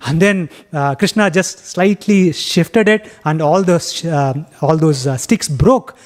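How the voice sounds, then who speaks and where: A man giving a devotional class, retelling a scriptural story with many pauses and fillers. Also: fairly high pitch. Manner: halting, many fillers and restarts. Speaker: temple class speaker.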